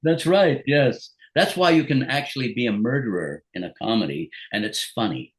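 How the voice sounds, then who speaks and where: A man's voice: medium pitch, moderate pace. An older man, a guest actor on a rewatch show, reminiscing in casual chat and laughing often.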